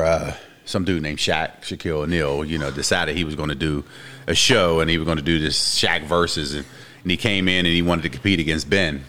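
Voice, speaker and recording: A man guesting on a casual sports chat at a bar, telling animated stories and acting out quotes. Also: sits low. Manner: animated storyteller, acts out quotes. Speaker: guest, former quarterback.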